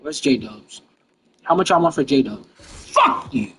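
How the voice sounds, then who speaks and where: A man's voice: mid-range voice, lively intonation, unhurried, slight background noise, poor audio. A man streaming a basketball video game, frustrated and profane, repeating the same lines over and over. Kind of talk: casual gaming livestream talk.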